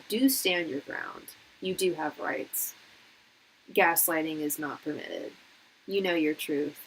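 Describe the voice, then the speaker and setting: A woman in her late thirties giving advice on a live tarot stream, telling stories in an animated, emphatic way with lots of "like" and restarts. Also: on the low side, slight background noise, low-quality recording. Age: late 30s. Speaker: tarot reader and psychic hosting a live reading.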